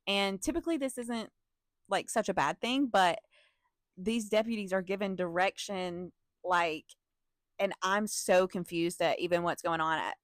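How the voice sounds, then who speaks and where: A young woman tells a storytime in an animated, profane way, breaking off with laughs and asides to her viewers. Her voice sits at a middle pitch for a woman. The sound is close and dry, with no room echo. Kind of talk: casual storytime vlog.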